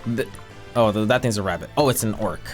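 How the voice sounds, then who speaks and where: A man's voice: fairly low pitch, quick pace, faint music behind. A man casually commenting on his game as he plays, goofy and self-mocking. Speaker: streamer playing a game. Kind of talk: casual let's-play commentary.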